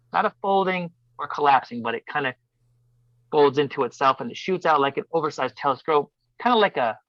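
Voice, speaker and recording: Animated storyteller man, lo-fi sound. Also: fairly high pitch, no echo. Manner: animated storyteller, acts out voices. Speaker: podcast guest. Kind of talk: casual storytelling. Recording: dull dry lo-fi sound.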